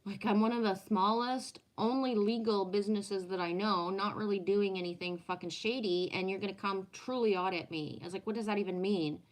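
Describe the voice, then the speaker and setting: A woman's voice: mid-range voice, fairly even intonation, a little fast, hardly any pauses. A woman, a former restaurant owner and chef, telling a personal story in casual talk, swearing freely and acting out the people she quotes. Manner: blunt, swears freely, acts out quoted dialogue.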